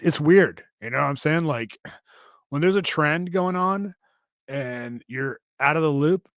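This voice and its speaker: A man's voice: medium pitch, dry recording. A man in his thirties talks loosely into a close, dry podcast microphone. He rambles, swears freely and stumbles over fillers and restarts while he reads out viewer comments. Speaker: podcast co-host. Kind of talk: casual live-stream chat reading comments.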